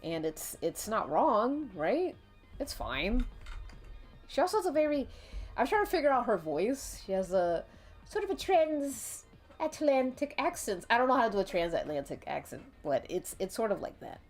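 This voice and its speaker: Animated, giggly woman streamer. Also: medium pitch, normal speed. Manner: rambling, giggly, swears casually. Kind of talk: casual chat while drawing on stream. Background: faint background music.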